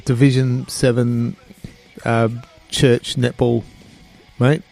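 A man's voice: mid-range voice, little pitch movement, slow pace, creaky, a little mellow, soft background music. A middle-aged man with an Australian accent hosting casual radio chat in a laid-back, chuckling way. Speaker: radio host. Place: radio studio.

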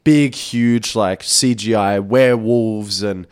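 Laid-back low-voiced male radio host. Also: takes it slowly, clear, resonant tone, no echo, clean studio sound. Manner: chatty, laid-back, slangy. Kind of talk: casual radio chat.

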